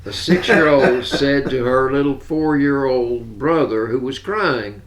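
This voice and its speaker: Slow-talking older Southern man telling jokes. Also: medium pitch. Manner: laughs at his own punchlines. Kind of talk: casual joke telling.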